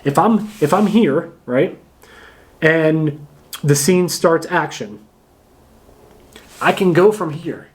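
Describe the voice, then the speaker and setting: A man acting coach giving a casual lesson to camera, energetic and emphatic, often pausing to demonstrate. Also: a little high. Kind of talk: casual instructional talk to camera.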